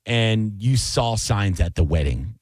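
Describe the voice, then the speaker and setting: A man hosting a radio talk show, ranting casually and jumping into loud, high yells. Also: animated, measured pace, dry recording. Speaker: radio host. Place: radio studio.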